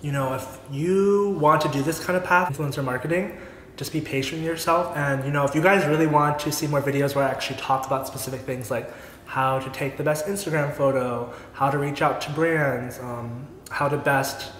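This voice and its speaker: A chatty young man hosts a relaxed vlog, leaning on "like" and "you know" as he talks. His voice sits in a roomy space with a long reverb tail and a faint hiss of background noise. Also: a little high, a little fast. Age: young adult. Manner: chatty, filler-heavy with lots of "like". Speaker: host, influencer. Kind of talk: casual chat, mukbang vlog.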